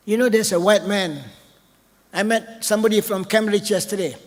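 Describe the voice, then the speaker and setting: A man's voice: high-pitched, fairly even intonation, moderate pace. An older man, giving an off-the-cuff keynote speech in a chatty way that keeps checking in with the audience. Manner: chatty, asks the audience "right?" often. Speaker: keynote speaker. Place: large hall. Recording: long hall reverb.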